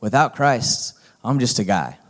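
A man's voice: medium pitch, big pitch swings, measured pace, a bit bright. A middle-aged male pastor preaching a sermon in a folksy, conversational manner that builds to emphatic points.

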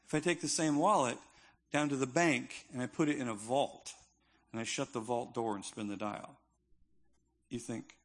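A man's voice: medium pitch, steady tone, normal speed. A male pastor preaching a sermon in a conversational, emphatic style with touches of humor.

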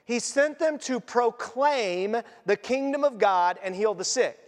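A man preaching a sermon in a conversational, animated storytelling manner. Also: extremely high pitch, measured pace. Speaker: pastor. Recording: long church reverb.

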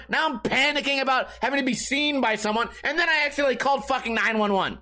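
A young man hosts a podcast in a casual comedic monologue, rambling through stories and swearing freely. His voice sits high and sounds bright and sharp. He shouts when he acts out his own panic. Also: fast talker, few pauses. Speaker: podcast host.

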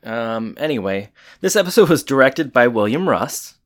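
A man co-hosting a casual recap chat, dropping low-key, dry asides. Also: sing-song, normal speed. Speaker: podcast co-host.

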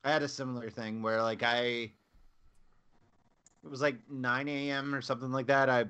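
A man's voice: medium pitch, level tone, normal speed, fairly bright tone, clear, resonant tone, muffled recording. A man co-hosting a casual podcast chat, telling stories and acting out what people said. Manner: storytelling, acting out quotes. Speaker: podcast co-host.

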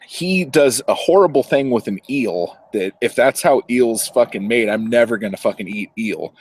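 A man's voice: mid-range voice, moderate pace, slightly rough, no echo. A man casually recapping a film, swearing a lot and acting out the characters' lines as he goes. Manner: profane, animated storytelling with acted-out quotes. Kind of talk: casual movie recap chat.

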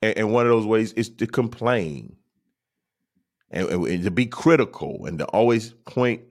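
This adult podcast host speaks at normal speed with an expressive voice, running a casual, sermon-like monologue and repeating phrases to drive points home. When he mocks people, he imitates them in high, teasing voices.

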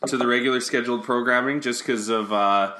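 Bright-toned man swearing in casual chat. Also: medium pitch, fairly even intonation, a little fast, a little hiss or hum. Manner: loose, swears a lot, joking. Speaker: podcast co-host.

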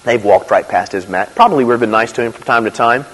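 A man preaching a sermon in a conversational, animated way, with asides and quick laughs. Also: medium pitch. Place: church. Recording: reverberant hall.

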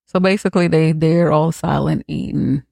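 Podcast host, comic movie recap, profane, animated storytelling, dry close mic, raspy tone. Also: mid-range voice, normal speed, dry recording. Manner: profane, animated retelling with acted-out quotes.

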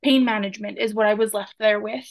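A woman's voice: mid-range voice, fairly even intonation, fast, no echo. A woman in her twenties from Canada, a nurse, telling her personal story as a podcast guest in an earnest, emotional way. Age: 20s. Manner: earnest, emotional retelling with quoted dialogue.

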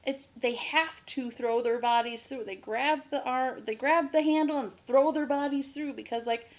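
A woman's voice: sits high, normal speed. A woman co-hosting a podcast in casual chat, talkative, laughing often and swearing freely. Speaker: podcast co-host.

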